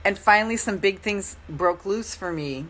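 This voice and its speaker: A middle-aged woman hosting a live coaching stream, speaking in a gentle, encouraging way with a hoarse voice and often repeating her phrases. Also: mid-range voice, moderate pace.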